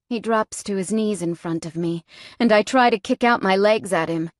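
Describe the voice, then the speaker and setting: A woman's voice: medium pitch, normal speed, no room sound. A woman narrating a first-person audiobook in a tense, frightened tone, recorded close on a studio mic.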